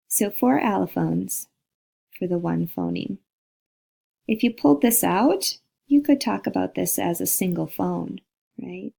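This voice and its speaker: Gravelly-voiced woman teaching linguistics. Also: fairly low pitch, expressive, a little slow, warm tone. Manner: explanatory, breaks words down and models sounds aloud. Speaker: linguistics instructor. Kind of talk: recorded lecture over slides.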